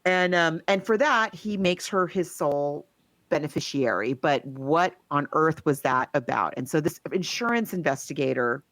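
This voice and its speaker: Low-voiced woman retelling a film. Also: animated, moderate pace, a bit bright, dry recording. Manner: rambling storyteller who acts out quotes. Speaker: podcast co-host. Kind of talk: casual chat, retelling a film plot.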